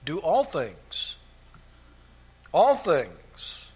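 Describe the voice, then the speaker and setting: A man's voice: fairly high pitch, huge pitch swings, drawn-out words, a little mellow, slightly rough. A man preaching a sermon, laying out numbered points and repeating key phrases for emphasis. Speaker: pastor.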